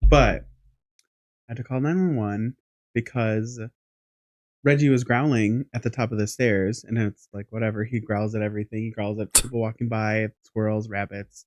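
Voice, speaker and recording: A man co-hosting a podcast, telling a long anecdote in a rambling, animated way with casual swearing. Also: on the low side, no room sound. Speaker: podcast co-host. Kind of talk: casual storytelling chat.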